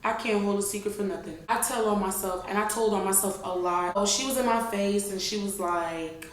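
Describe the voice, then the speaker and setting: A young woman tells a storytime vlog, talking straight to her viewers in loose, animated slang. Her voice sits a little high. The room around her is very echoey. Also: normal speed. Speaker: vlogger.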